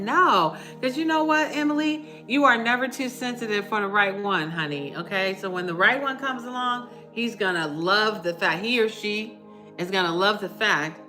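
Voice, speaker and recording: A middle-aged woman talks casually on a livestream. Her voice is bright and clear, and her pitch sits in a middle range. She greets viewers and reassures them in a chatty way, with faint music playing underneath. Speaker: livestream host. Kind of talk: casual live chat with viewers.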